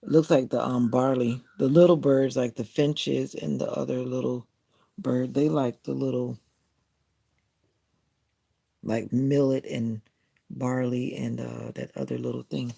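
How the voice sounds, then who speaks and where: A man's voice: medium pitch, fairly even intonation, measured pace, vocal fry, pauses often, dark tone, breathy edge. A man hosting a casual morning live stream from home, rambling and chatty, often correcting himself mid-sentence. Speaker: live stream host and content creator. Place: at home in the morning, near a window with bird feeders.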